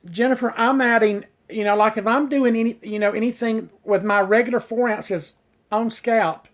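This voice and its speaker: This man's voice sits high, with fairly even intonation and a moderate pace. He's a hairstylist answering viewer comments during a relaxed live stream, rambling eagerly, packing in "you know" fillers, and tripping over difficult words.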